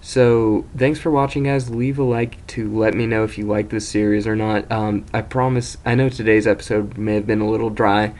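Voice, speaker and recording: A man's voice: fairly low pitch, little pitch movement, moderate pace, hardly any pauses, darkish tone. A young man casually telling an embarrassing story as host of his own video series, rambling, self-mocking and swearing freely.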